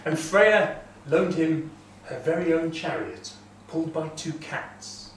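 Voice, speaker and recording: A man telling a myth live in a castle great hall, dramatic, swelling loud and dropping to a hush. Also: fairly high pitch, takes it slowly, a little hiss or hum. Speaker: storyteller. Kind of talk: live oral storytelling. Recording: echoey hall from far off.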